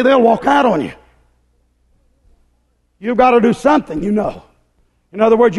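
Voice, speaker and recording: A high-pitched male preacher delivers a fiery, folksy sermon, raising his voice and shouting. His words ring out with a long reverb, as in a big hall.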